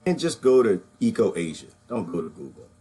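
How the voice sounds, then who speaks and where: A husky, lower-pitched man speaks on a live online stream. He talks in halting bursts and keeps restarting his sentences, close to tears as he goes. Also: big pitch swings, warm tone. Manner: shaken, halting, many restarts and sighs. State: emotional, near tears. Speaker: online show host. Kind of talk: emotional live-stream monologue.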